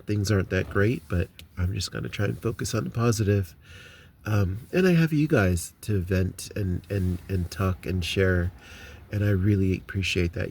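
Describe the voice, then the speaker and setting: Low-voiced man chatting, full of ums. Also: darkish tone, a little hiss or hum. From United States. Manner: rambling, with many ums and restarts. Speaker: vlogger. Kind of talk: casual chat to viewers. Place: inside a parked car.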